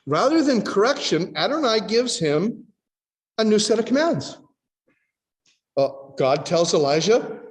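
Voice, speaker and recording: A man preaches in a fairly high voice that swoops up and down with a lot of expression. He reads scripture and acts out the people in it in a teaching tone. Long reverb from a worship hall carries each phrase. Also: very animated, unhurried, long pauses. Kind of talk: sermon.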